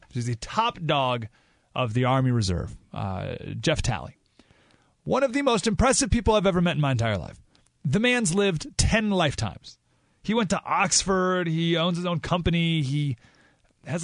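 A man hosting a talk radio show, telling stories in an animated, emphatic way. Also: a little high, no room sound, studio quality. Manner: animated storytelling, rising to excited emphasis. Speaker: radio host.

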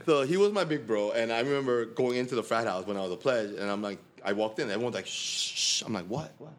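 Man, middle-aged, casual storytelling, animated, mid-pitched voice. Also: fast talker. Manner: animated, acts out quotes in the story. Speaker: podcast guest.

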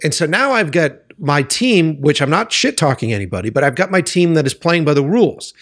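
A man's voice: a little high, sing-song, fairly quick, a bit bright. A man from Boston hosting a podcast, telling a candid story with lots of swearing and emphasis. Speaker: podcast host. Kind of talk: candid interview chat.

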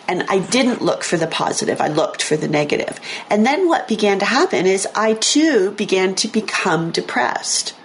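A woman hosting a radio talk show, explaining brain science in a chatty, self-correcting way, her voice a little hoarse. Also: medium pitch, sing-song, normal speed, few pauses, a little hiss or hum. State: slightly hoarse, losing her voice. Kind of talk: casual talk radio chat. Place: radio studio.

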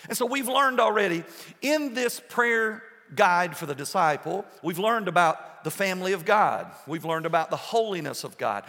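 A male pastor preaching a passionate sermon, swinging between soft, low passages and loud bursts. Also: expressive, normal speed. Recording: long hall reverb.

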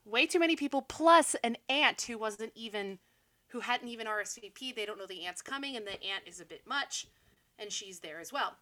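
Young woman on a podcast gushing through a movie recap, super bright crisp voice, laughs a lot, snarky little asides. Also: a little high, a little fast. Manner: animated, chatty, laughs often, sarcastic asides. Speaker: podcast co-host. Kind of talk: casual movie recap chat.

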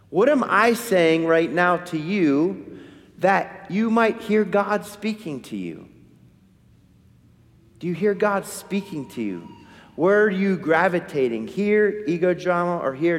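A man preaching a sermon in a church, asking his listeners questions and answering them himself. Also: fairly high pitch. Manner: animated, asks the congregation questions. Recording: hall reverb.

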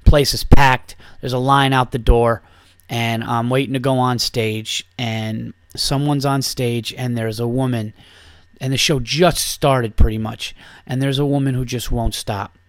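A man's voice: mid-range voice, fairly even intonation, unhurried, no room sound, clean studio sound. A man hosting a podcast, telling a rambling, profane story in a casual monologue full of restarts. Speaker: podcast host and stand-up comedian.

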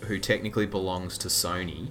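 Deep-voiced male podcast co-host, keen trivia explainer, faint hiss. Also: steady tone, fairly quick, a bit bright. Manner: enthusiastic, explains film trivia. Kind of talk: casual film discussion.

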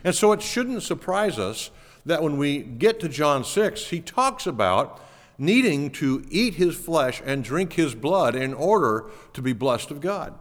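A male pastor gives an earnest teaching sermon at a measured pace, his pitch rising and falling energetically as he drives home key points. A long reverb from a large church hall trails his voice.

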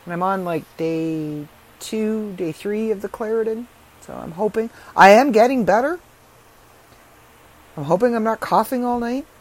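A middle-aged woman podcaster in casual solo chat, chatty and frank, her voice rough and congested from allergies. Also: medium pitch, a little slow, a little mellow, rough recording.

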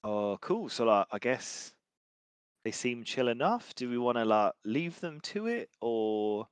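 A man's voice: mid-range voice, sing-song, a little slow, smooth, no echo. A man playing a tabletop game, chatting casually with many hesitations and fillers. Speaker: player. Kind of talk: casual tabletop role-play.

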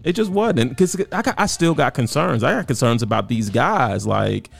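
A man co-hosting a podcast in casual chat, emphatic and quick to laugh. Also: mid-range voice, vocal fry, faint music behind. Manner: animated, emphatic, laughs often. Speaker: podcast co-host.

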